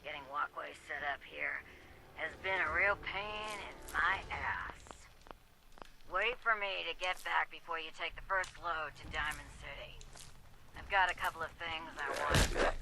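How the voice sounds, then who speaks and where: A blunt, gravelly scavenger. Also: female voice, sits low, unhurried, bright, forceful tone, heavily acted, poor audio. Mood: impatient. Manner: blunt and impatient. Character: weary woman scavenger in a ruined city. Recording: game audio under gameplay noise.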